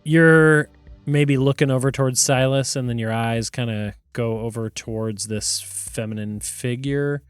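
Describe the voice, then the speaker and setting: A man narrating as game master of a tabletop game in a relaxed, chatty way with fillers. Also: mid-range voice, unhurried, clear, resonant tone, no echo, faint music behind.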